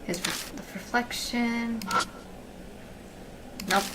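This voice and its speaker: A woman's voice: on the high side, fairly even intonation, drawn-out words, heavy background noise. A woman streaming a game, chatting casually as she thinks aloud and reads the game's text. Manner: chatty, thinks aloud, quiet and murmured while exploring. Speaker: let's play streamer. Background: game music.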